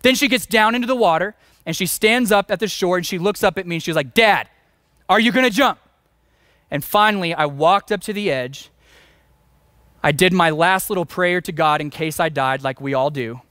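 A man's voice: high voice, brisk, fairly bright tone, dry recording, studio quality. A man in his forties, a pastor preaching a sermon, telling a story with self-mocking humor and strong emphasis.

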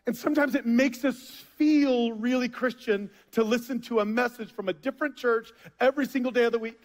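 High-voiced preacher man in a reverberant hall. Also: steady tone, a little fast. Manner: storytelling, conversational with bursts of emphasis. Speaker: pastor. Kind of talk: sermon. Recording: long reverb of a large hall.

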